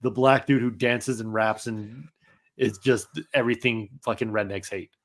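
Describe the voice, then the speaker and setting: A man's voice: on the low side, steady tone, normal speed. A man co-hosting a podcast, emphatic and profane, arguing his take in casual chat. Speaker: podcast co-host.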